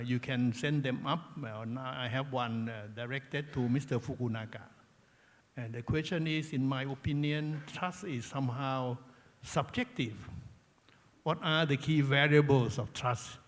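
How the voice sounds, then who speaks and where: Male panel moderator, halting and filler-heavy, mic'd in a reverberant conference hall. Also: mid-range voice.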